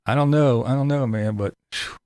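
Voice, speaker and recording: A man's voice: mid-range voice, normal speed, darkish tone, clean tone, no room sound, studio quality. A man hosting a casual commentary show. He talks to his chat, swears freely and breaks into laughs often. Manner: profane, laughs often, incredulous.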